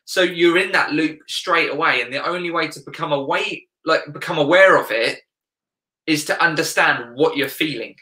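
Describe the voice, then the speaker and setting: Earnest man with a bright voice in an echoey room. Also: a little high, normal speed. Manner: earnest, reflective, searching for words. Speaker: guest, life coach. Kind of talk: casual interview chat.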